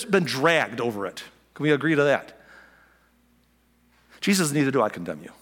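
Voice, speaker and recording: A man's voice: a little high, fairly bright tone. Male pastor preaching in a reverberant hall. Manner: conversational, repeats key lines, acts out quotes. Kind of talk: sermon.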